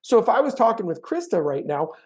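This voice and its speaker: A man giving an animated sales training talk, acting out client conversations with bursts of energy. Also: high voice, fast. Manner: animated, acts out sales dialogues with big swings in energy.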